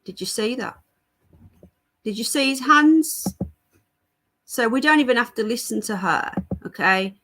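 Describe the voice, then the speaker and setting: A woman's voice: on the high side, animated, unhurried, long pauses, pushed and bright. A woman from the United Kingdom is hosting a casual live stream from her home. She talks straight to her viewers in a chatty way and reads their comments aloud as they come in. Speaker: livestream host. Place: home with a child nearby.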